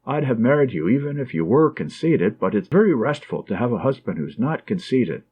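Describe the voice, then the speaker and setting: A man reading an audiobook, voicing a tender and anxious young woman in a soft, affectionate way. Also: medium pitch, very animated, fairly quick, husky, phone-quality sound. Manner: soft, affectionate, gently teasing.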